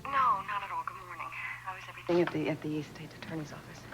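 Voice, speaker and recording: An actress playing a polite, hesitant attorney in a soap opera. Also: female voice, fairly low pitch, animated, fast, loud music behind the voice, natural voice.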